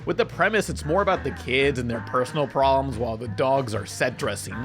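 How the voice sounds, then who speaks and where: A man's voice: mid-range voice, brisk, music in the background. A man narrating a comedic film review in a sarcastic, wisecracking manner.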